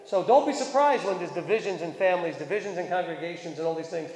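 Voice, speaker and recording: High-voiced man preaching in an echoey hall. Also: fast talker, darkish tone. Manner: conversational preaching, reads verses aloud, asks the listeners questions. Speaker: teacher of a congregation. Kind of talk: sermon.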